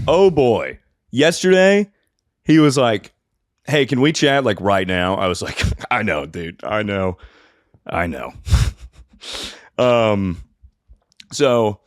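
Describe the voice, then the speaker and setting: A man with a fairly low voice tells rambling, self-mocking stories on a comedy podcast, swearing freely as he goes. His voice is recorded close and dry, with no room sound. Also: smooth, dry recording. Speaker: podcast host. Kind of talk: casual comedic storytelling.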